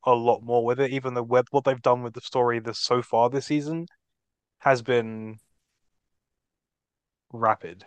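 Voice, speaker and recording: A man's voice: mid-range voice, steady tone, unhurried, long pauses, clean tone, dry recording. A man co-hosting a podcast, talking casually in a rambling way and swearing freely. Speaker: podcast co-host. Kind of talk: casual chat.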